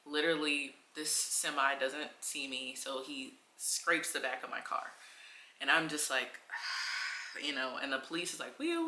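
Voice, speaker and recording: Chatty, bright-voiced woman telling a story. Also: low-pitched, echoey room. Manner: chatty, animated, heavy filler words. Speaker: travel vlogger. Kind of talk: casual storytelling to camera.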